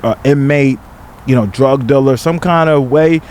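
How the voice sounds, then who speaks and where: A man's voice: mid-range voice, normal speed, darkish tone, a little hiss or hum. A man guest on a podcast, talking reflectively with many repeats and filler phrases. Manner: reflective, hesitant, repeats words, lots of 'you know'. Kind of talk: candid podcast conversation.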